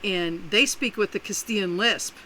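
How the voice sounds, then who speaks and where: A woman's voice: medium pitch, normal speed, bright, forceful tone, a little hiss or hum, rough recording. A woman from California chatting casually as the host, laughing often. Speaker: streamer mom. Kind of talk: casual chat.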